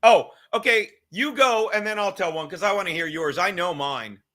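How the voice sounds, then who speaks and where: A man hosting a casual chat show, rambling and profane and quick to laugh. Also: high voice, animated, sharp tone. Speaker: podcast host and comedian.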